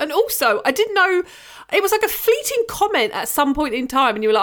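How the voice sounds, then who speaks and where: High, bright, giggly woman. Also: quick pace. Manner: giggly, enthusiastic, animated. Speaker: podcast co-host. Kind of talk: casual podcast chat.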